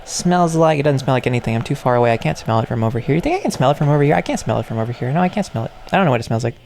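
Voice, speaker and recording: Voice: mid-range voice, big pitch swings, rapid-fire, a little mellow, slight background noise. A speaker giving rambling, jokey reaction commentary on toys, repeating phrases with ironic asides. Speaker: video maker reacting to toy content.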